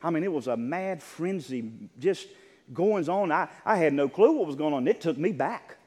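A man's voice: a little high, animated, normal speed, a little mellow. An older man, a pastor, preaching a sermon to his congregation in an earnest storytelling way, often restarting his words. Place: church sanctuary. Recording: long hall reverb.

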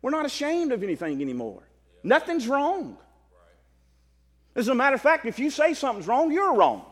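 A Baptist preacher, a man, giving a sermon. He moves from quiet asides to loud exclaiming and often repeats words. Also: very high voice, huge pitch swings, normal speed, long reverb tail.

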